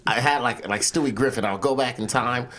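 A man co-hosting a casual chat, telling stories in a loud, profane, animated way. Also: medium pitch, quick pace.

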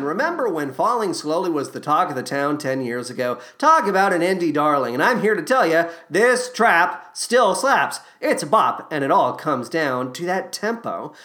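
A man's voice: on the high side, fairly bright tone. A man hosting a podcast, giving a comedic review of a musical's songs in a sardonic, profane, enthusiastic way.

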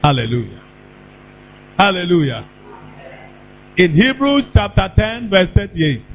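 A man preaching a sermon, calling out questions for the congregation to answer and breaking into sudden shouts. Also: high-pitched, sing-song, a little slow, gravelly. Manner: call-and-response preaching, bursts of shouting. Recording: dull lo-fi with mains hum.

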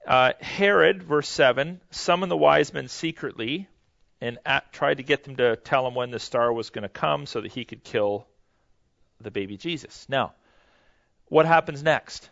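A man's voice: medium pitch, moderate pace, gravelly, a bit bright. A man teaching a Bible history lesson in a conversational, explanatory way, often restarting his sentences. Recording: dull lo-fi recording.

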